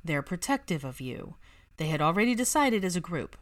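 A woman voicing a reserved young male wizard who speaks in a measured, firm and reluctant way. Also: fairly low pitch, very animated.

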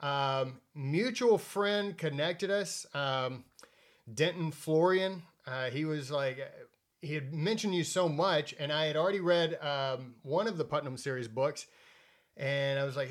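A man's voice: a little high, a little slow. A man hosting a casual podcast, joking around and sometimes tripping over his own introductions. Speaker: podcast host.

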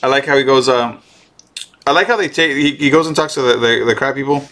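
Excitable, bright-voiced man recapping a show. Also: mid-range voice, a little fast. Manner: excitable, swearing, restarts often. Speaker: streamer co-host. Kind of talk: casual show recap chat.

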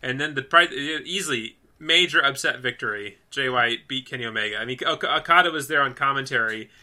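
A man co-hosting a casual podcast, his voice very bright and cutting. He gushes and gets carried away, stringing thoughts together with "like" and dropping curses freely. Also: mid-range voice, brisk. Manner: excitable, gushing, heavy use of "like", swears freely. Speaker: podcast co-host.

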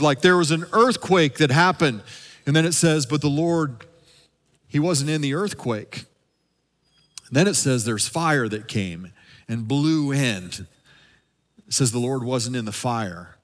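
A man who is a lead pastor, preaching a sermon and dropping at times into a soft, hushed voice for emphasis. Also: on the high side, expressive, unhurried, big-room sound. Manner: preaching with dramatic drops to a soft hush.

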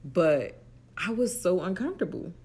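Animated, quick-talking woman co-host. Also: lowish voice, husky. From Atlantic City, US. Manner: animated storyteller, quick bursts and frequent laughter. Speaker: podcast co-host. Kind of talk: casual chat.

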